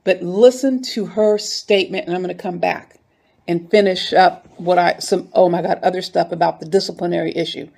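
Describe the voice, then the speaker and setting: A woman's voice: lowish voice, fairly even intonation, fairly quick, vocal fry, mellow. A woman giving a heated, indignant commentary, talking straight to her viewers. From North Philadelphia. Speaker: YouTube commentator. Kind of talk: casual commentary video.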